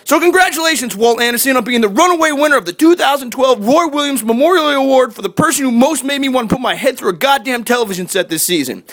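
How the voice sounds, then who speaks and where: A man with a strikingly high, bright, sharp voice tears through a scripted comedy rant about his sports team. He rattles along at a quick clip and stays profane, sarcastic and exasperated the whole way. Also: expressive. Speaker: sports fan ranter.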